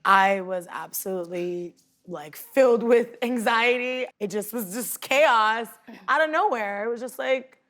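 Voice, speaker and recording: A woman on a talk show couch, recounting events in an excited rush. Her voice sits on the higher side, and she breaks into quoted dialogue and little laughs as she goes. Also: unhurried. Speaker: guest passenger. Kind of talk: animated storytelling on a talk show.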